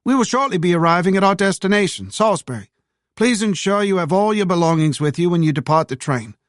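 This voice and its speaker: A man's voice: high voice, expressive, fast talker, no room sound, clean studio sound, voice pushed up. A man voicing a male train conductor making a formal announcement over a public address system, with a nasal voice. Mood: courteous formal.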